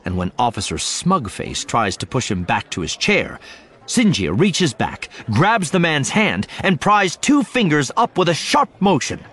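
A man's voice: medium pitch, fairly bright tone. A man reading a novel aloud as audiobook narrator, with dramatic storytelling. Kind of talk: scripted narration.

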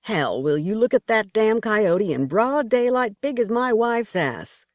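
A woman's voice: on the high side, expressive, unhurried, dry recording, pitched above the performer's own voice. A woman voicing a coarse, boisterous middle-aged male hunter in an audiobook story. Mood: crude.

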